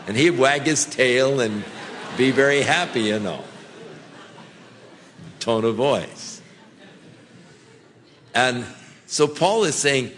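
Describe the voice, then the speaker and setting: A man preaching a sermon in a slow, gentle way, with frequent small restarts. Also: mid-range voice, slight background noise. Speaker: pastor.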